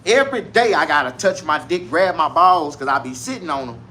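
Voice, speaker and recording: Loud crude man ranting to camera. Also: fairly high pitch, fairly quick, slight background noise. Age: 40s. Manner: loud, crude, animated street slang. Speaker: vlogger. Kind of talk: casual comedic rant to camera.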